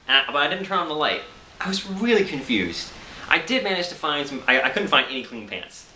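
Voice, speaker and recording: A man's voice: mid-range voice, sharp tone, echoey room, a little hiss or hum. A tired man telling a rambling, self-amused story in a casual vlog, with frequent laughs and restarts. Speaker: vlogger.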